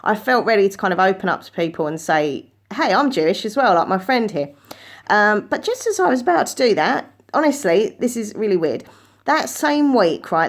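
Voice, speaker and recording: Earnest chatty woman. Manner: earnest, chatty, rises in pitch when quoting herself. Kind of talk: personal storytelling to camera.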